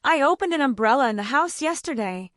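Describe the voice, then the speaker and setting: A woman's voice: high-pitched, lively intonation, fairly quick, a bit bright, no echo, studio quality, pitched above the performer's own voice. A woman reading the part of a soothing, superstitious older cousin. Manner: soothing, sniffing.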